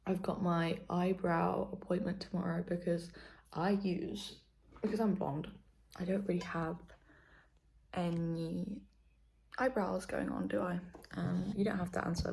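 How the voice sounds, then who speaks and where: A woman's voice: lowish voice, gravelly, a little mellow, slight background noise. A young British woman chatting casually to camera in a vlog, rambling and correcting herself, sometimes dropping to a whisper. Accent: British English. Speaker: vlogger.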